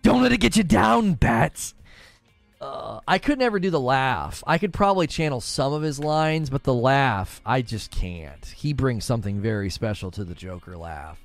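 A man's voice: medium pitch, expressive, normal speed, few pauses, dry recording, faint music behind. A man hosting a gaming news show, rambling in casual chat and answering viewers' questions.

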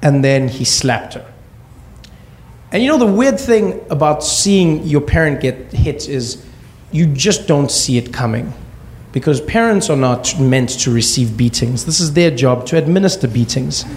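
Gravelly man telling a wry story. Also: mid-range voice, unhurried. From Africa. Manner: wry, deadpan asides. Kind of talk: comic personal storytelling.

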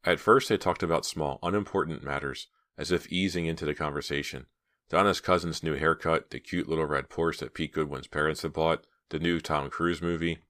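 A man's voice: very deep voice, steady tone, a little fast, a bit bright, no room sound, studio quality. A man narrating a young adult horror novel as an audiobook, reading every part himself. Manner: reads all parts, raising his voice for the girls' lines. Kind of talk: scripted narration with character voices.

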